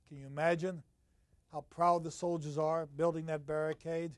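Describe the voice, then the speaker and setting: His pitch barely moves as this older professor delivers a university literature lecture, recorded with no room sound. Loud, stressed points give way to quiet asides, and he reads passages slowly with a strong rhythm.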